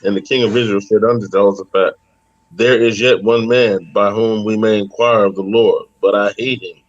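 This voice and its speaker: A man reading scripture aloud at a steady, measured pace in a bible study. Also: lowish voice, dry recording, lo-fi sound. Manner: steady, measured reading of old-style text. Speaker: scripture reader.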